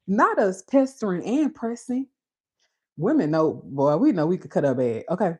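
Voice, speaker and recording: A woman with a Caribbean Creole accent hosting a casual, animated Bible talk, with a husky voice and frequent laughter. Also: on the low side, moderate pace. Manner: animated, preachy, laughs often. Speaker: beauty channel host.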